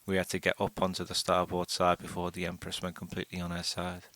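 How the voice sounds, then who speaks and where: A man reading a first-person short story aloud in a steady, unhurried way. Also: sits low, no room sound. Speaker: audiobook narrator.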